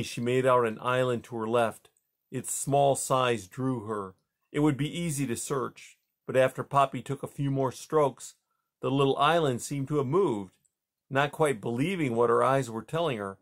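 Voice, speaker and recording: A man reading a children's novel aloud. His voice sits at a middle pitch, and he takes the narration at an unhurried, measured pace. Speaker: reader.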